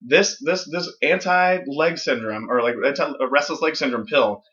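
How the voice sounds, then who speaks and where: A man co-hosting a podcast, telling crude, animated jokes in casual chat. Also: a little high, normal speed. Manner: animated, crude, laughing storyteller. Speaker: podcast co-host. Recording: dull lo-fi podcast audio.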